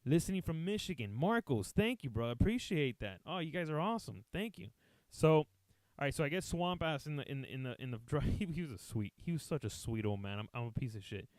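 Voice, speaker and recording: A man with a slightly high voice tells a rambling comic story, swearing freely and acting out each person's lines. He slips back and forth between English and Spanish, and the close mic sounds dry, with no room around it. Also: a little fast, no room sound. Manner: profane, animated, acts out quotes, switches between English and Spanish. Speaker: podcast host telling a story.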